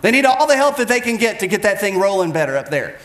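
High-voiced pastor preaching with passion. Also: male voice, big pitch swings, fast, reverberant. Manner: passionate, swings between loud urging and quiet intensity. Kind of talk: sermon.

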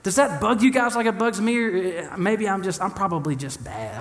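A young adult man preaching a sermon in an animated, humorous way, acting out the voices of the people he quotes. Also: high-pitched, normal speed. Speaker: pastor.

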